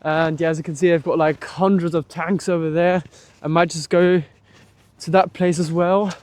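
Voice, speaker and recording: A man's voice: on the high side, little pitch movement, moderate pace, no room sound. A young man vlogging outdoors as he walks, rambling casually with many restarts and fillers. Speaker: travel vlogger. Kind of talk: walking vlog commentary. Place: outdoors at a large war memorial park.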